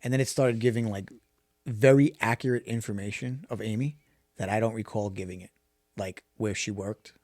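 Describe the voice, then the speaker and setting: A man's voice: on the low side, moderate pace, a little mellow, no echo. A man co-hosting a podcast, telling stories in casual chat and asking "you know what I mean". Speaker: podcast co-host.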